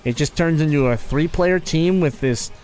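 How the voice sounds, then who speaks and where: A man co-hosting a casual podcast chat, teasing a friend with lively, exaggerated storytelling. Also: normal speed, faint music behind. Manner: animated teasing, bursts into high squeaky impressions. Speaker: podcast co-host.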